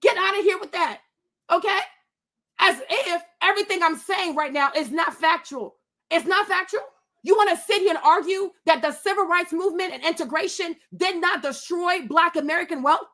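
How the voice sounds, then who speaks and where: A woman's voice: extremely high pitch, moderate pace, a bit bright. A woman hosting a livestream, ranting indignantly, swearing and repeating rhetorical questions, speaking to her webcam. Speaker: livestream host. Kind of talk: heated livestream rant.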